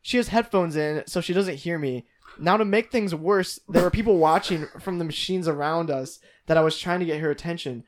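A man co-hosting a comedy podcast who reads listener posts aloud, animated and playful, with sudden loud outbursts. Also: fairly high pitch, fairly quick. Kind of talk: casual comedic chat, reading aloud.

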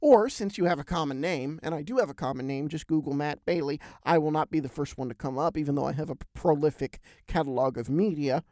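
A man hosting a podcast, telling a travel story in a lively, animated way with big swings in pitch and loudness. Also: fast talker, hardly any pauses, no room sound, clean studio sound. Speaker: podcast host. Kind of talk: casual storytelling chat.

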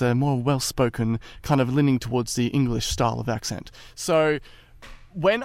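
Western Australian guy on a panel, smooth clear voice, dry close sound, chatty explainer. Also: medium pitch, no room sound. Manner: explanatory, with some filler words. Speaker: podcast guest. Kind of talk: casual roundtable chat.

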